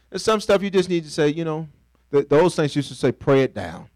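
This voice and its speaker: A man's voice: a little high, fairly quick, no room sound, poor audio. A pastor preaching a sermon in a conversational, playful way, calling on the congregation to finish his lines and acting out little scenes. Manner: call-and-response preaching, asks the congregation to fill in words.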